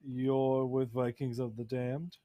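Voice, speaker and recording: A man voicing a cold male gecko contact on a video feed, speaking in a flat, robotic monotone. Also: mid-range voice, takes it slowly, no echo, lightly acted.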